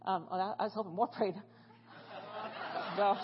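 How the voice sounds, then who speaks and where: A woman giving a sermon in a church, telling stories in a lively, conversational way and asking the congregation questions. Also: mid-range voice, moderate pace, long pauses, lo-fi sound, noisy background. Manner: animated, conversational, questions the audience. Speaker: guest speaker. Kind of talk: sermon storytelling.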